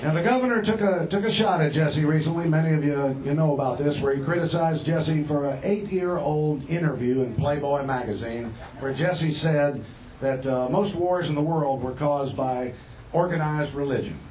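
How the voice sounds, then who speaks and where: A man giving a rally speech for governor, telling jokes in a dry, halting way with many fillers. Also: fairly high pitch, a little mellow. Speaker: candidate for governor speaking at a rally. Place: campaign rally before a crowd.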